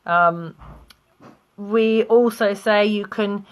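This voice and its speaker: Slow, patient British woman teaching words. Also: mid-range voice, steady tone. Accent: British English. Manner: slow, explaining with examples and little laughs. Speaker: English teacher. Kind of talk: online vocabulary lesson.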